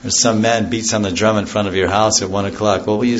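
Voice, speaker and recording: Low-voiced man giving a rambling devotional talk. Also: steady tone, fast talker, few pauses, highs cut off. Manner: rambling, digresses into stories and loses the thread; explains chanted scripture terms in plain words. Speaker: spiritual teacher. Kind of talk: devotional lecture to a class.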